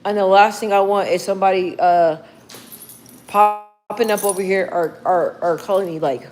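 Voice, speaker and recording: A young woman chatting casually on a livestream, slangy and relaxed as she talks to her viewers and her dog. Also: medium pitch, normal speed. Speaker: livestream host.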